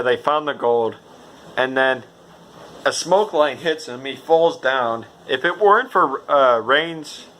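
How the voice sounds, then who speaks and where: Man, stuffy-nosed, bright mid-pitched voice, loose rambling review delivery with swearing and self-corrections. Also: a little hiss or hum. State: stuffy nose. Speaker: game reviewer. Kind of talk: casual unscripted game review.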